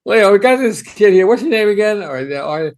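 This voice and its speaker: A gruff older studio boss who shouts and curses, pitched high and loud, as an old man puts him on. His bark is harsh and quick-tempered. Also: lively intonation. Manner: shouting and cursing.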